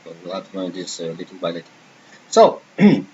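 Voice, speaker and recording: A man's voice: fairly low pitch, big pitch swings, fairly quick, darkish tone, dull audio, slight background noise. A man teaching a beginner French lesson, patiently repeating and modeling each word.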